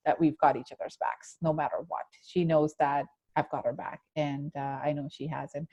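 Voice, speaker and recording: A middle-aged woman, a podcast guest, telling a personal story in an earnest, reflective, soft-spoken way. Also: deep voice, steady tone, moderate pace.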